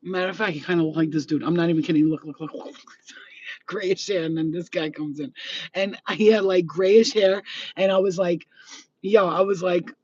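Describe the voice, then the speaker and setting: A woman hosting her channel, telling stories to viewers in a profane, laughing, animated way. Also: lowish voice, normal speed, slightly rough, dull audio. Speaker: channel host. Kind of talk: casual storytelling to viewers.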